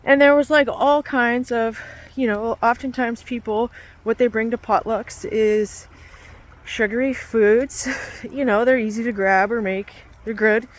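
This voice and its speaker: A woman's voice: a little high, steady tone, a little slow. A woman, a fitness instructor and aerialist, talking earnestly into her handheld phone outdoors, shivering in the cold, with many fillers and restarts. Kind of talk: casual testimonial vlog.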